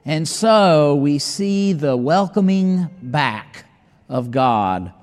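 A man's voice: fairly high pitch, expressive, drawn-out words, a little mellow, in a large hall. A man preaching a sermon, reading scripture and acting out the doubts of his listeners in dramatic asides.

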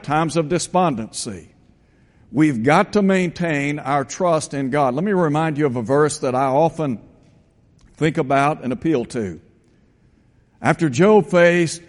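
A man delivers a sermon in a somewhat high voice, walking through scripture passages one by one. He slows down to weigh each quoted verse. His voice carries a long reverb, as in a big hall. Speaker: preacher.

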